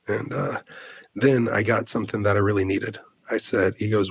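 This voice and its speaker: An American man in his thirties, a podcast guest, telling a personal story in an earnest, halting way, full of fillers and restarts. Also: lowish voice, slightly rough, no room sound. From United States.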